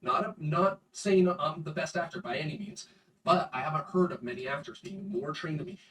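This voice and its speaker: A man's voice: fairly high pitch, a little fast, a bit bright, recorded from a distance, poor audio. A man speaking insistently to camera in a video clip that is played back during the interview. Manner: emphatic, insistent.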